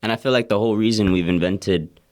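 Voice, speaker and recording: A podcast host with a low, deep voice puts his thoughts forward in a relaxed, conversational way. He speaks in brief replies and short reflective remarks. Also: quick pace.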